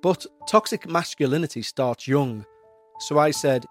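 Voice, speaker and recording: A man hosting a podcast, reading out a listener's eerie story in a measured, somber way. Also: medium pitch, expressive, soft background music. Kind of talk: narrated paranormal story.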